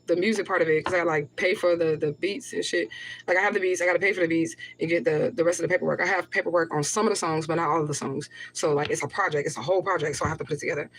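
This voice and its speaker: A woman livestreaming to her viewers, rambling and profane, reading comments aloud and flaring into anger. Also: fairly low pitch. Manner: repeats herself, flares up in anger. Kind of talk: emotional livestream talk to viewers.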